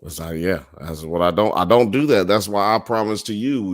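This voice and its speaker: Male podcast host, very deep voice, blunt and profane, hot takes. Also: moderate pace, few pauses. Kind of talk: casual late-night podcast banter.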